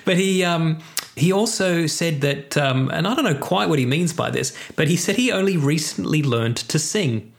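A man's voice: fairly high pitch, animated, moderate pace, gravelly, few pauses. A man co-hosting a podcast in casual chat, steering the talk with questions and laughing often between stories. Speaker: podcast co-host.

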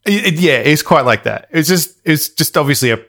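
A man's voice: a little high, expressive, brisk, a bit bright. A man co-hosting a casual podcast chat, laughing often and swearing as he retells scenes. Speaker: podcast co-host.

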